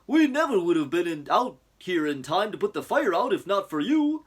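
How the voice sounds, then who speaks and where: Man playing a fire chief, loud, raised pitch, lively exclaiming. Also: moderate pace, slightly rough, heavily acted. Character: gruff adult male fire chief, mocking.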